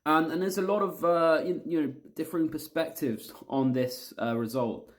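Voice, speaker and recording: A man's voice: a little high, moderate pace. A man vents in a football match review, heated and blunt, with the odd curse word. He circles back to the same points again and again as he argues his case. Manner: heated, repetitive, blunt with swearing. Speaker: football fan vlogger.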